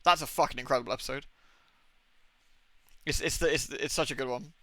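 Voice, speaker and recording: A man's voice: medium pitch, brisk, fairly bright tone, dry recording. A young man chatting casually on a livestream, swearing often and laughing as he talks about old TV episodes. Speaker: streamer.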